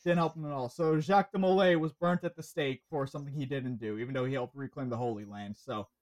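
A podcast host speaking at a middle pitch in loose conversation. The talk rambles through long stories, stopping and restarting phrases along the way. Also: fast, a little mellow. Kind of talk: casual chat.

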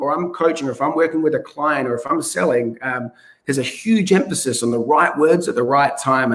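A man from Australia, a real estate coach giving advice in an interview, his voice a bit hoarse and often restarting sentences. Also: medium pitch, a bit bright. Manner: restarts sentences, stresses key words. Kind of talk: podcast interview.

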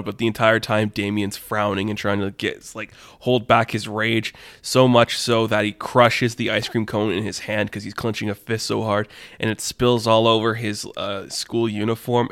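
A man's voice: fairly low pitch, steady tone, moderate pace, few pauses, fairly bright tone, clear, resonant tone, no room sound. A man telling an improvised story in a rambling, filler-heavy way, laughing at his own jokes.

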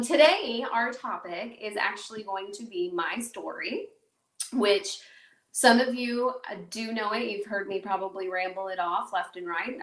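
A woman's voice: mid-range voice, fairly bright tone, distant mic. Chatty rambling woman podcast host, echoey. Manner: rambling, chatty, self-mocking, many fillers. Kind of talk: casual solo podcast talk. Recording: echoey room, voice a bit off-mic.

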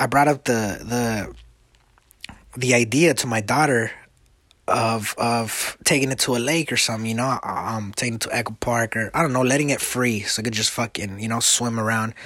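A man's voice: mid-range voice, sharp tone, no echo. A young adult man hosting a casual confessional monologue, rambling and heavily profane, with frequent repeated fillers. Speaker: podcast host.

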